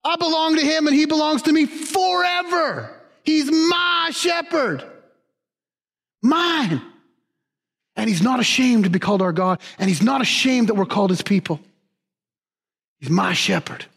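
A man preaching a sermon as pastor in a church, animated and emphatic, repeating key words. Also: extremely high pitch, a little fast, vocal fry, in a large hall.

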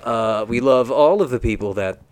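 A man's voice: mid-range voice, normal speed, clear, resonant tone. A young man co-hosting a casual comedy podcast, riffing loosely with frequent restarts and laughs. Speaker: podcast co-host.

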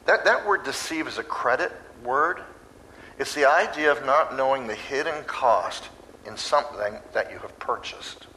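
A man delivering a sermon at an ordinary middle pitch. His delivery is conversational and lively, and he slips into acted voices at times. A faint hiss sits under the recording. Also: normal speed, low-quality recording. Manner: conversational and animated, acts out voices. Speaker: preacher.

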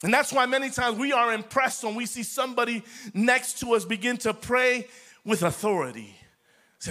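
Pastor, middle-aged man, high and bright, impassioned repetitive preaching. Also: normal speed. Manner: impassioned preaching, repetitive, addresses the congregation as church. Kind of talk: sermon.

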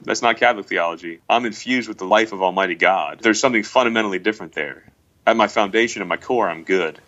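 A man's voice: on the low side, fast talker, a bit bright, muffled recording. A man co-hosting a casual faith discussion, talking in an emphatic, preachy, exclamatory way. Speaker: podcast co-host.

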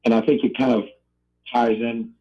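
A man calling into a podcast as a guest, his voice squeezed through a thin, tinny phone line. He speaks at a middle pitch and stops often with uhs as he gathers his words. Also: flat delivery, a little hiss or hum. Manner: hesitant, halting with many uhs. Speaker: guest chef. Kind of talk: casual podcast conversation.

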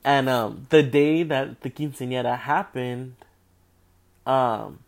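A man's voice: medium pitch, slow pace, creaky. A young man telling a rambling, profane story in casual storytime style, tired and yawning. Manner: profane, rambling, animated, swears constantly.

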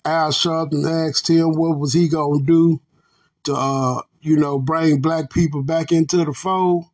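Husky-voiced man ranting bluntly. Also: fairly high pitch, fairly even intonation, unhurried, darkish tone. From United States. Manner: blunt, profane, addresses listeners as family. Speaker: podcast host. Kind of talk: angry ranting commentary.

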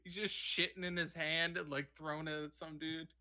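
A man's voice: fairly high pitch, moderate pace. A young man in crude, casual chat with friends, swearing and joking. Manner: swearing, joking, laughing, animated.

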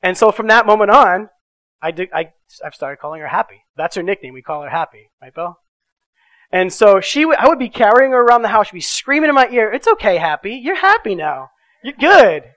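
Male pastor, middle-aged, sermon storytelling, dynamic loud-to-quiet delivery, dry close mic. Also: high voice, brisk, no echo. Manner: animated storytelling with swings from loud to soft.

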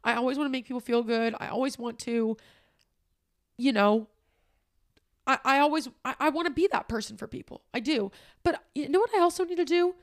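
Alone at her microphone, a woman in her twenties hosts a personal, emotional podcast, swearing a lot and speaking candidly and emphatically. Her slightly high voice moves fairly quickly, broken by long pauses, and at times she cries or nearly does.

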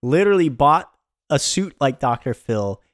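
A man's voice: medium pitch, very animated, moderate pace, no room sound, studio quality. A man co-hosting a podcast, telling stories in a laid-back, profane way. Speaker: podcast co-host. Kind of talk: casual podcast chat.

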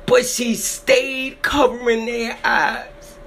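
A man's voice: very high voice, takes it slowly, gravelly, bright, forceful tone, a little hiss or hum. A man retelling someone's frightening encounter in an emotional, dramatic way, often repeating himself. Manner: dramatic, repetitive, voice swells when emotional. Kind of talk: emotional spoken storytelling.

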